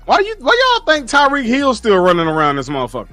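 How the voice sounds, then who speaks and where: High-voiced man ranting bluntly. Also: wildly swooping pitch, quick pace, bright, forceful tone, dry recording, faint music behind. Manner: blunt, profane, lecturing. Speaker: streamer reading live chat. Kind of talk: casual livestream rant.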